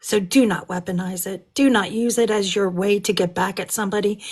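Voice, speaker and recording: A woman's voice: medium pitch, steady tone, a little fast, few pauses, a little mellow, slightly rough. Brief: female caller, insistent, admonishing tone. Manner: firm, admonishing. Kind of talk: impassioned casual speech.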